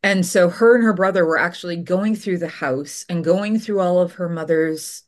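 A woman's voice: on the low side, moderate pace. A woman from Canada, a potter, telling stories in a casual interview and acting out the voices of people she quotes. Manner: animated storyteller, acts out quoted voices.

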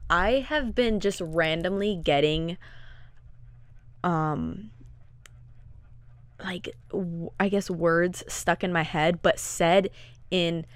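Lower-voiced young woman rambling casually. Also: slow pace, long pauses, dry recording. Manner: rambling, laughs often, self-deprecating. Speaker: podcast co-host. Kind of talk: casual chat.

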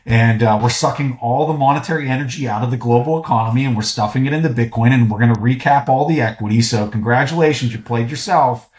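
Male podcast guest, Southern US accent, mid pitch, emphatic and teasing, echoey room. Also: fast talker, few pauses, a little mellow. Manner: emphatic and fired up, with a teasing edge. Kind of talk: casual podcast conversation.

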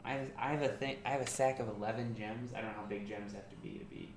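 A man playing a tabletop game, easygoing and quick to laugh. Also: mid-range voice, steady tone. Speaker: player. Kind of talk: casual tabletop play. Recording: roomy room, distant mic, ambient noise.

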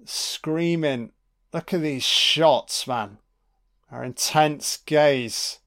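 A man gives a casual, unhurried film commentary, reacting with excited swearing. His voice sits slightly high and he drawls his lines. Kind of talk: casual watch-along commentary.

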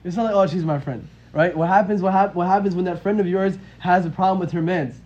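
Young guy preaching casually, kinda high voice, keeps saying right?, muffled lo-fi sound. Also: steady tone, fast, darkish tone. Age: 20s. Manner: conversational, keeps asking "right?". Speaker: religious teacher. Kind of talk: casual storytelling sermon. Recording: dull lo-fi audio with faint hiss.

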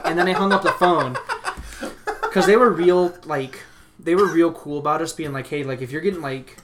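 A man's voice: fairly high pitch, a little fast, slight background noise. Profane young man telling a story. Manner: profane, animated, acts out both sides of phone calls. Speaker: podcast host. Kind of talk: casual storytelling chat.

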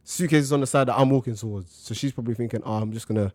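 A young man recounting everyday run-ins with vivid, rhythmic repetition. His voice is mid-pitched, and the sound is dry and close, with no room behind it. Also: very fast, a little mellow, no echo. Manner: vivid storyteller, repeats words for rhythm. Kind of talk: casual storytelling chat.

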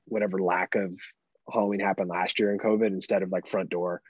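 A man's voice: low-pitched, flat delivery, fairly quick, slightly rough, dry recording, highs cut off. A man in his thirties, a podcast co-host, chatting casually and laid-back, swearing and laughing often. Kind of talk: casual chat.

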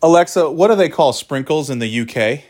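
A man's voice: on the high side, expressive, fairly quick, a little mellow, dry recording, clean studio sound. A man from New England in a rambling, self-mocking monologue, exasperated at times.

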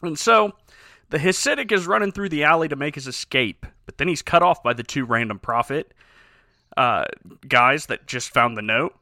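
A man with a bright, fairly high voice tells the plot of a bad movie in a wry, storytelling way. The sound is close and dry, with no room around it. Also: animated, moderate pace, no echo. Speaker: podcast co-host recapping a movie. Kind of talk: casual comedic movie recap.

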